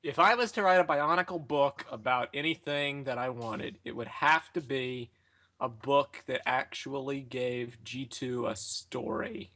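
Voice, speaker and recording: A man's voice: mid-range voice, a little slow, pushed and bright. A man hosting a casual podcast over an online voice call. He chats easily, laughs often and moderates the listeners' questions. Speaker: podcast host.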